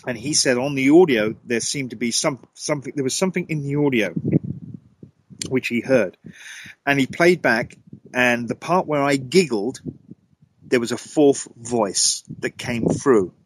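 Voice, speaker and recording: A man, a guest telling an eerie personal story in a lively, dramatic way. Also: measured pace, slight background noise, rough recording. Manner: lively, dramatic storyteller with sudden pitch jumps. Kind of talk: animated anecdotal storytelling.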